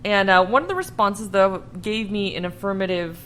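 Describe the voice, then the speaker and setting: A young woman chats on a podcast in a bright, lively tone, swearing and laughing at her own stories. She rambles in a casual way. A faint hiss of room noise sits under her voice. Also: medium pitch, normal speed. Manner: laughing, profane, self-deprecating rambling. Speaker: podcast co-host.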